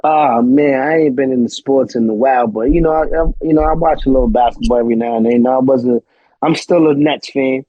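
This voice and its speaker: A man's voice: mid-range voice, fairly quick, no echo. Laid-back Brooklyn man, dull dry sound. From Brooklyn, New York. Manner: laid-back, profane, repeats "you know what I mean". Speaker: guest rapper. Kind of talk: casual interview chat.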